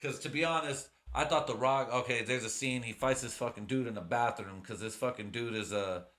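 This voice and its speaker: A man's voice: medium pitch, a little fast, a bit bright. A man hosting his own podcast, rambling casually in a profane, slangy way. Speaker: podcast host. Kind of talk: casual solo podcast rant.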